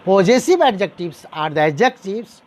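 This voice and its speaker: A man with a high, sing-song voice that is a little mellow speaks at normal speed. He teaches a grammar lesson, repeating each example sentence and explaining it step by step, and he calls his listeners "dear students."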